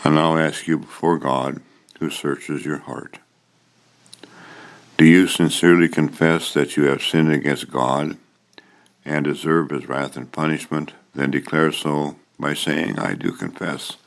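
A male pastor leading a church liturgy of prayer, confession and absolution, in a slow, measured liturgical cadence. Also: very deep voice, steady tone. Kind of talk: liturgy and scripture reading.

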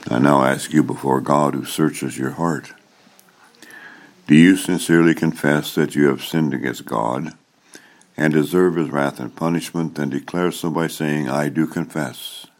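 Very deep-voiced male pastor leading liturgy. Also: steady tone. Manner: solemn, measured liturgical cadence.

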